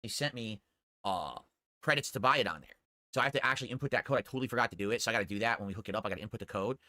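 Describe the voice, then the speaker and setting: A man's voice: fairly low pitch, racing, bright, forceful tone, no echo, studio quality. A man streaming live, chatting casually and answering viewer tips in a rambling way that repeats itself. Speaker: livestreamer.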